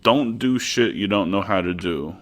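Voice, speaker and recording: A man's voice: sits low, expressive, normal speed. A man co-hosting a podcast in a laid-back way, mostly giving short agreeing replies. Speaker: podcast co-host. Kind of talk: casual podcast chat.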